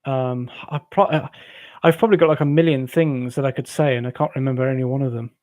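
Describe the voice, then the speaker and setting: A man's voice: medium pitch, steady tone, fast talker, darkish tone, dry recording. A jovial English man hosting a late-night live stream, reading viewers' chat comments and rambling with frequent laughs. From England. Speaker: livestream host. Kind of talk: casual chat with live chat readers.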